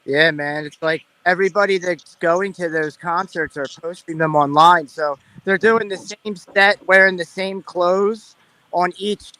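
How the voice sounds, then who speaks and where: A man's voice: sits high, a little slow, sharp tone, no room sound, poor audio. A man in a casual panel chat, calling in from outside his work, easygoing.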